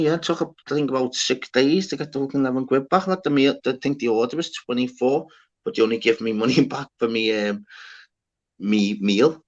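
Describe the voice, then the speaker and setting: A man hosting a livestream, telling an animated story in casual chat, swearing often and calling people lad and mate. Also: mid-range voice. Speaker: livestream host. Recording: dull lo-fi sound.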